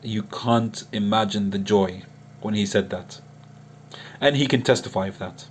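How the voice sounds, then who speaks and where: A man's voice: on the low side, measured pace, slight background noise. A man addressing a critic in an unscripted online monologue, earnest and emotional, often restarting his sentences. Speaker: online Islamic preacher and chat-room admin.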